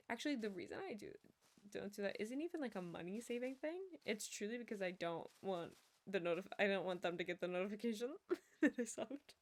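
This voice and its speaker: A young woman streams and talks casually, wandering from one story to the next and laughing at herself as she goes. Her voice sits at an ordinary middle pitch for a woman. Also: brisk. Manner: rambling, self-amused storytelling with frequent laughs.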